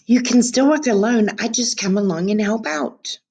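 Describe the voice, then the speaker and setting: A woman's voice: on the high side, normal speed, vocal fry, darkish tone, husky, pitched above the performer's own voice. A woman reading aloud as a persistent twelve-year-old girl who talks eagerly and pleads, recorded on a webcam.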